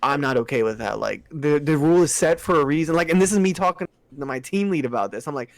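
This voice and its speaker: A man's voice: a little high, quick pace, no room sound. A young man chatting on a podcast, his voice dry and close to the mic. He tells his stories with a lot of life, acting out customers in put-on voices and breaking into laughter. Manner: animated storytelling, acts out customers, laughs a lot. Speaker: podcast co-host. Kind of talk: casual chat.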